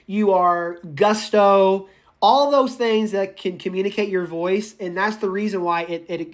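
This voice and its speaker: A man lectures his college public speaking class over an online chat. He is animated and joking, and he drags single words out slowly to stress them. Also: high voice.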